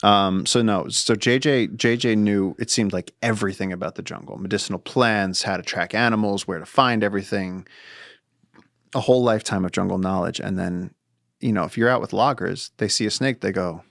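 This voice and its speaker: Gravelly low-voiced man telling stories. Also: brisk, no room sound, clean studio sound. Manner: animated storyteller acting out quotes, swears casually. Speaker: podcast guest, wildlife conservationist. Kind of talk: casual storytelling chat.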